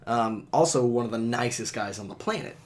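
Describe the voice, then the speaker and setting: Excitable rambling podcast co-host. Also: male voice, medium pitch, a little fast. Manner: excitable, rambling, laughs often. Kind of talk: casual chat.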